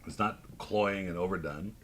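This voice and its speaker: A man hosting a casual wine tasting chat, telling stories with lively asides. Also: sits low, normal speed. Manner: storytelling, animated, laughing asides. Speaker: wine club host. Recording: noticeable background noise.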